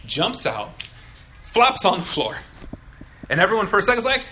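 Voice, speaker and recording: Lively, bright-voiced preaching man. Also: high voice, normal speed, pauses often, rough recording. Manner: animated, acts out voices in illustrations. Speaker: pastor. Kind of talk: sermon.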